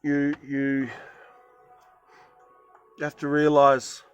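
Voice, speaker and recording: A man's voice: fairly high pitch, monotone, extremely slow, clean tone, no echo, soft background music. A man tells a story straight to camera from inside his van. He rambles and repeats himself, leaning hard on certain words as he retells what was said. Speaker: vlogger. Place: van in a forest.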